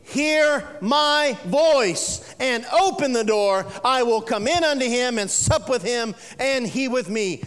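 High-voiced preacher in a reverberant church. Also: male voice. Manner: preaching with sudden drops to a hushed voice and slow emphatic stresses. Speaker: pastor. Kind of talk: sermon. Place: church sanctuary. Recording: long reverb of a church sanctuary.

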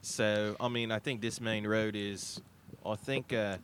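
A man's voice: fairly low pitch, steady tone, unhurried, fairly bright tone, a little hiss or hum. A man hosting a casual podcast chat, speaking in a put-on Aussie accent as part of a game. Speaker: podcast host.

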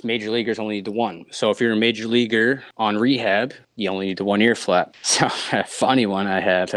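Man, low-pitched, from Nova Scotia, umpire guest, chatty anecdotes, dry recording. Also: no echo. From Nova Scotia, Canada. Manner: animated anecdotes, laughs often. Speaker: minor league umpire, guest. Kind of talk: casual storytelling interview.

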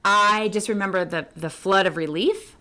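A woman's voice: mid-range voice, moderate pace. A middle-aged woman, a veterinary practice manager, telling stories as an interview guest and acting out what people said. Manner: animated storyteller, acts out quotes. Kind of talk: casual interview storytelling.

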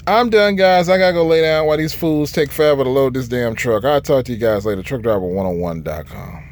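A man's voice: medium pitch, quick pace, darkish tone, slight background noise. A young man from Michigan, a truck driver vlogging, ranting to camera in a profane, frustrated way and laughing often. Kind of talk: casual rant to camera.

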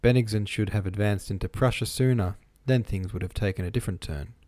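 A man voicing an irritable, peevish old prince who speaks gruffly and dismissively in an audiobook. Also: lowish voice, a little fast, mellow, no echo, studio quality, natural voice. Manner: gruff and dismissive, scornful laugh.

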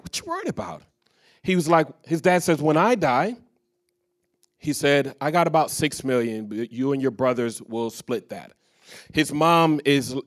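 A man preaching a sermon to a live congregation, telling stories full of quoted dialogue. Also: a little high. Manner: storytelling with quoted dialogue, varied loudness. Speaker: pastor. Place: church stage before a live congregation.

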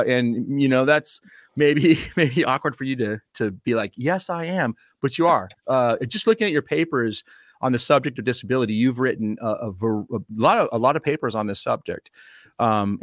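A man's voice: medium pitch, no room sound, studio quality. A man hosting a podcast, speaking casually with many fillers and a friendly, rambling manner. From United States. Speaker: podcast host and pastor.

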